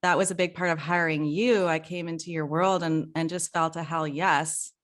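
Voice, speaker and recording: A middle-aged woman hosting a podcast, talking in a casual, heartfelt way, emotional and quick to laugh. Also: deep voice, fairly even intonation. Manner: warm, emotional, laughs often. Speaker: podcast host.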